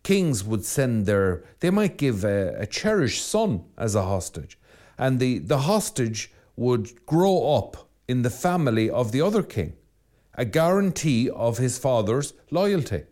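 A priest giving a reflective sermon that drifts into storytelling. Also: male voice, mid-range voice, sing-song, unhurried, darkish tone. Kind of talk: spoken sermon.

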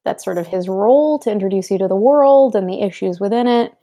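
A young woman in casual discussion, chatty and quick, explaining her points with examples and asides. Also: mid-range voice, dark tone, highs cut off. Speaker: podcast co-host.

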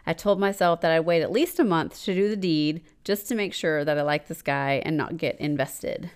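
Her voice sits low and sounds clean as she reads a listener letter on the casual podcast she co-hosts. She's in her forties, laughs often, and leans into dramatic pauses.

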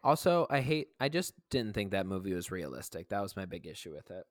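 A man co-hosting a podcast in casual chat, deadpan and dry, with many "like" fillers. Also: low-pitched, brisk, dry recording. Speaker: podcast co-host.

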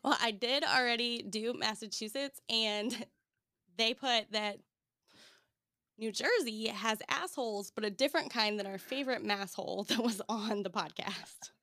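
A woman's voice: a little high, measured pace, sharp tone, dry recording, clean studio sound. A woman hosting a podcast in casual chat, laughing often as she talks. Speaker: podcast host.

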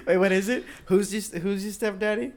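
A young man co-hosting a podcast, reacting to stories with quick, slangy banter in casual chat. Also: sits high, fairly even intonation, darkish tone. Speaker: podcast co-host.

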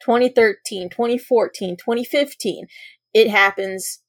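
A woman's voice: mid-range voice, measured pace, no echo. A woman hosting a casual podcast, chatting and reading news reports and quotes aloud. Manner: conversational, reads quotes in a put-on official voice. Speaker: podcast host.

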